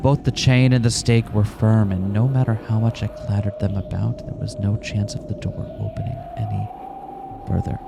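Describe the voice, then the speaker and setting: A man's voice: fairly low pitch, fairly even intonation, normal speed, vocal fry. A man reading a visual novel aloud, voicing a terrified young man trapped in a room, tense and close to panic. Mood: uneasy. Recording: music playing behind.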